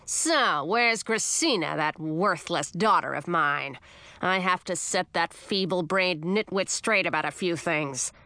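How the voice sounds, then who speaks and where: A woman's voice: measured pace, bright, forceful tone, no echo. Woman voicing a cranky old witch grandmother. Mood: scornful. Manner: barking, scornful, shrill at times.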